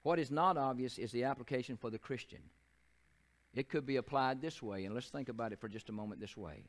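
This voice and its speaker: An older Southern pastor preaching in church with a folksy, storytelling delivery. He doubles back and restarts his phrases as he talks, and his voice sits at an ordinary middle pitch for a man. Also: a little fast. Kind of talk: sermon.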